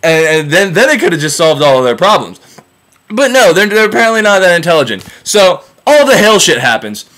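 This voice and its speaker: A man with a high, bright voice tells an old story as irreverent comedy. His delivery swoops up and down, and he leans into sarcasm and casual profanity. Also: very animated, fairly quick. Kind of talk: comic storytelling retelling.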